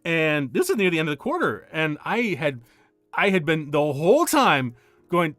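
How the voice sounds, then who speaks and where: A man's voice: a little high, brisk, no room sound, faint music behind. A middle-aged man chatting casually on a stream, telling a story and laughing often. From United States. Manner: animated, laughs often, acts out quoted voices.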